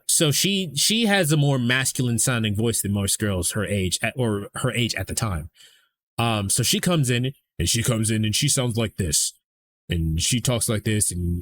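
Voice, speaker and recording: A man's voice: mid-range voice, a little hiss or hum. A man hosting a live stream, talking in a casual, rambling way and swearing freely. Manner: rambling, profane, conversational. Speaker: streamer host.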